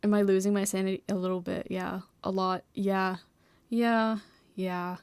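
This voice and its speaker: A woman's voice: medium pitch, level tone, normal speed, a little mellow, clean tone, dry recording. A young woman chatting casually on a live stream from home, rambling, giggling and mocking herself, sometimes dropping to a whisper.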